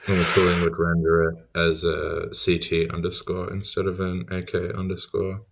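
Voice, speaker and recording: A man in a casual technical chat, giving slow, measured explanations with fillers. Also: deep voice, completely flat delivery, gravelly, fairly bright tone, husky. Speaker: co-programmer.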